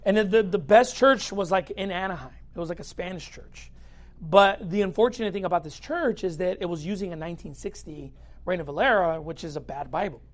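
A man's voice: high voice, a little fast. A man, a pastor, telling his personal story in a casual way, full of filler likes and laughing now and then. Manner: chatty, many filler likes, acts out quoted speech; laughs through parts of the story.

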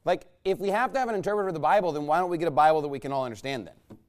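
A man's voice: on the high side, rapid-fire, darkish tone. A man preaching a conversational sermon in a folksy, rambling way, checking in with the congregation with rhetorical questions. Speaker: pastor.

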